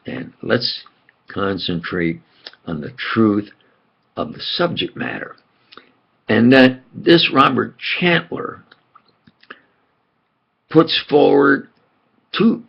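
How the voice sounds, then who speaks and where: An older man with a New York accent, speaking in a slow, halting, rambling monologue full of fillers and restarts. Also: mid-range voice, gravelly, husky, muffled recording. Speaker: channel host.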